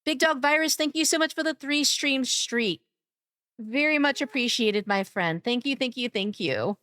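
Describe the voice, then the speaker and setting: A woman's voice: sits high, moderate pace, sharp tone, no echo, clean studio sound. A young woman streaming a game live, chatting casually and greeting viewers with cutesy baby talk.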